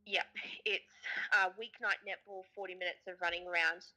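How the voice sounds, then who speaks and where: A woman's voice: fairly low pitch, flat delivery, moderate pace, sharp tone, poor audio. A middle-aged woman, a mother, chatting with her sister in a dry, teasing, sarcastic way. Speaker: guest sister. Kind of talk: casual chat.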